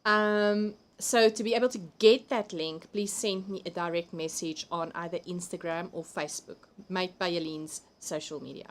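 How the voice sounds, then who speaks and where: A woman with a South African accent hosts a relaxed live stream from home, talking through a computer mic. She chats freely, laughs often and reads viewers' comments aloud as they come in. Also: on the low side, normal speed, few pauses. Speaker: livestream host. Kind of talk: casual chat reading viewer comments.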